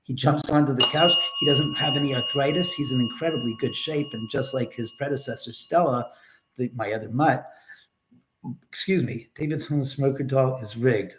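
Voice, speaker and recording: A man's voice: medium pitch, moderate pace, a bit bright, a little hiss or hum. A middle-aged man hosting a casual livestream from his home, rambling to his viewers and swearing when riled. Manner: rambling, talks to chat and his dog, swears when angry. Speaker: livestream host. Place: indoors at home.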